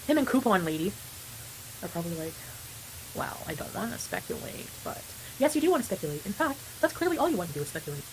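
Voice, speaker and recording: A woman's voice: medium pitch, very animated, quick pace, long pauses, slight background noise, low-quality recording. A woman hosting a casual reaction stream, sarcastic and swearing freely. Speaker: stream host reacting to videos.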